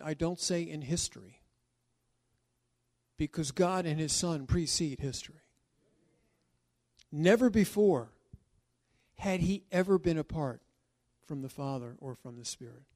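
Man, pastor, sermon, emphatic, dramatic pauses, slow, fairly high voice. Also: darkish tone.

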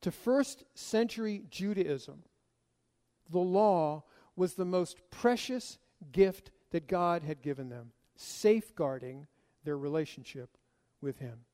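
A man's voice: high-pitched, dark tone, in a large hall. A man preaching an expository sermon, emphatic and full of rhetorical questions he answers himself.

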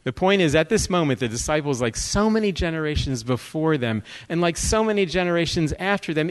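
A man with a fairly high voice preaches in a joking, conversational way. He moves from scripture into lively stories and asides, pulling the listeners along with quick questions. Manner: joking, conversational, animated storyteller. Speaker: guest speaker. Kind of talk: sermon with humor.

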